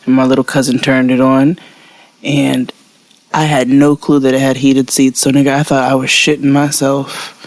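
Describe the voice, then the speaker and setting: A woman's voice: very deep voice, flat delivery, moderate pace, a little mellow. A woman co-hosting a podcast, telling a story in casual, profane chat and laughing as she goes. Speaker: podcast co-host.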